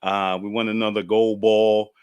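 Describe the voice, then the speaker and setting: A man's voice: lowish voice, little pitch movement, moderate pace, darkish tone, smooth, no echo, dull audio. A man hosting a podcast, talking in a chatty, folksy way and laughing as he tells stories. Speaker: podcast host. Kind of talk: casual podcast monologue.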